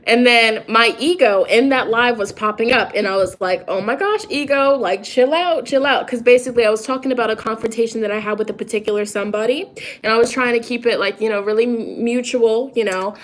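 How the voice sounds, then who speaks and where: A woman's voice: on the high side, fairly even intonation, fast talker. A young woman talking casually on a phone livestream as a tarot reader and spiritual coach. She is chatty and preachy and often interrupts herself.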